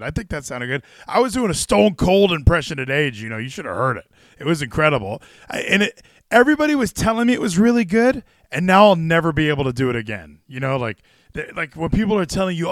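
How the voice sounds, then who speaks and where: A male podcast host rambles through casual wrestling talk, his voice rising and falling in lively swings. He swears freely and trips over restarts, slightly high for a man. The sound is close and dry. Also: fast talker, no room sound.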